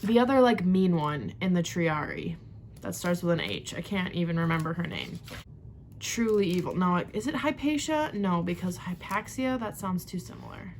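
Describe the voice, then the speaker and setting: Excitable woman gushing over a book. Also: medium pitch, normal speed, slight background noise. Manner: excitable, gasping and squealing at plot twists; rambling recap with many fillers. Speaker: book vlogger. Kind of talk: casual reading vlog reaction.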